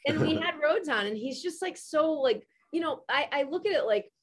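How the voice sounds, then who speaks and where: A woman podcast host telling a story in a casual chat, animated and swearing freely. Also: sits high, normal speed.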